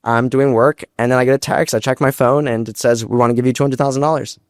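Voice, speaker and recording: A young man, a startup founder, telling animated stories on stage and acting out quotes. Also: medium pitch, clear, resonant tone, dry recording, studio quality. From United States. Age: young adult. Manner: animated, fast storytelling with acted-out quotes. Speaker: startup founder, guest speaker. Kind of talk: storytelling on stage. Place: stage before a large live audience.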